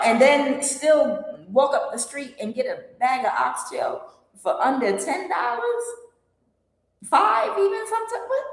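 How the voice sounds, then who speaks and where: Animated woman in a very echoey room. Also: on the high side. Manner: animated, exclaiming, laughing often. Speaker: tarot channel host. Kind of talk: casual storytelling to viewers.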